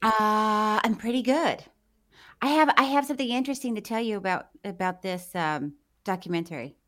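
Speaking at a moderate pace in a medium-pitched voice, a woman co-hosts a podcast. Her storytelling is animated, and she laughs a lot throughout the casual conversation.

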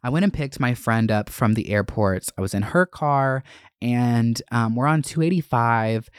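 A man hosts his own podcast and tells a story in a dramatic, foul-mouthed way. He throws his voice sharply upward for emphasis, in a middle-pitched register. The sound is dry and close. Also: moderate pace, clear, resonant tone, no room sound. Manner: animated, profane, dramatic storytelling. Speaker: podcast host. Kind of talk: casual solo monologue.

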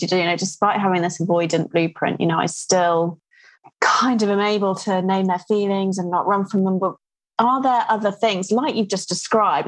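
A woman's voice: lowish voice, no room sound, rough recording. A woman in her thirties hosting a podcast interview, talking in a casual way that is full of fillers. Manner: chatty, many "you know" fillers. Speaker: podcast host.

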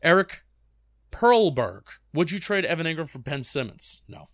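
A man's voice: on the high side, sing-song, normal speed, fairly bright tone, no room sound, studio quality. Rambling young man on a fan podcast. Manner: rambling, restarts often, reads out fan questions. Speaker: sports podcast co-host. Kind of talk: casual chat.

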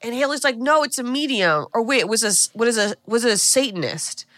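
A woman co-hosting a podcast, recapping a film in an animated, casual chat full of asides. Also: a little high, fast, no echo. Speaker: podcast co-host.

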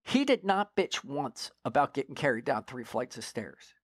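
Guy telling a war story on a podcast, swears a lot, keeps going "right?", mid-pitched voice, dry close sound. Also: moderate pace, dry recording. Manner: profane, animated storyteller who keeps checking in with "right?". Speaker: former federal drug agent, guest. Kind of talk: casual storytelling in a podcast interview.

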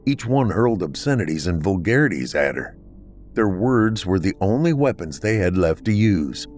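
A man hosting a podcast, narrating a horror story in a measured, dramatic way. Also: deep voice, big pitch swings, a little mellow, faint music behind.

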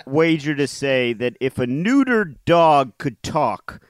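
A man co-hosting a podcast, chatting casually about crossword clues, quick to argue his point and laughing often. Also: on the high side, sing-song, clear, resonant tone. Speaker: podcast co-host.

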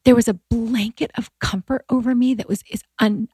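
A woman's voice: a little high, steady tone, moderate pace, dark tone, slightly rough, no echo. A woman in her forties, a guest telling personal stories in candid, heartfelt conversation, with many fillers and a voice that rises when she is moved. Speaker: podcast guest.

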